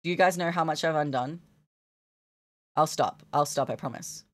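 A woman's voice: low-pitched, normal speed. A young woman live-streaming as she draws, chatting playfully with her viewers and giggling often. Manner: playful, giggly, talks to chat. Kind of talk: casual live-stream chat while drawing.

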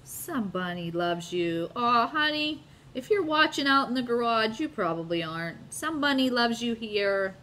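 A middle-aged woman leads a casual live craft demo from her home, gushing over her work. She talks straight to her viewers in a chatty, excited way. Her voice sits a bit high. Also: moderate pace, few pauses, a little hiss or hum. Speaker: craft video host.

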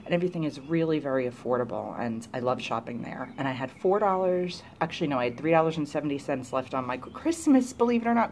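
A chatty woman vlogger shows off her haul, gushing over every cute little find. Her voice sits low for a woman, and a faint hiss runs under the recording. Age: adult, grown woman. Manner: gushing, chatty, excited about cute things. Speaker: YouTuber showing a shopping haul. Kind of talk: casual chat to camera.

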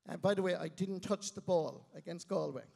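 A middle-aged Irish man from County Clare, a guest telling self-mocking stories in an animated way on a live stage. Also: sits high, a little fast, vocal fry. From Ireland, County Clare. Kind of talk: storytelling interview. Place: live stage before an audience. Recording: long reverb of a live venue.

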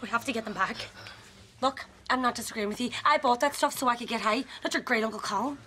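Mouthy northern irish teen girl, quick and blunt, a bit high. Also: bright, forceful tone, slight background noise. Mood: brash. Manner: brash, sweary, blunt. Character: brash foul-mouthed teenage girl Michelle. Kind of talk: sitcom acting.

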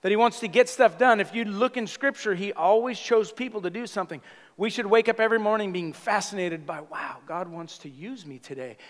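A man with a bright, high-pitched voice preaches a sermon in a Californian accent, animated and conversational, tossing playful asides to his congregation. The sound carries the long reverb of a church hall. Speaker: senior pastor. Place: church sanctuary.

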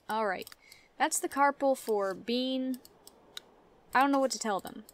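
Young woman gamer, fairly high voice, chatty let's-play commentary, talks back to her characters. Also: slow. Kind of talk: casual gameplay commentary.

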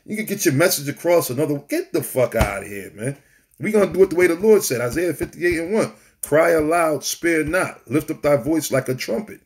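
A man preaching a street sermon, blunt and profane, defiant as he quotes scripture. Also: on the high side.

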